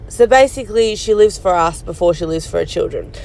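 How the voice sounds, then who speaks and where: A woman hosts a commentary podcast. She reacts to clips with snarky, mocking remarks and some swearing, and her pitch sits in the middle for a woman. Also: expressive, brisk, a little mellow, a little hiss or hum.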